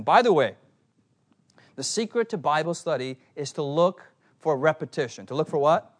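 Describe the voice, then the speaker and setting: A man preaching a sermon, telling stories in an animated way and putting questions to the congregation. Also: a little high, fairly quick. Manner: animated storytelling, asks the crowd questions.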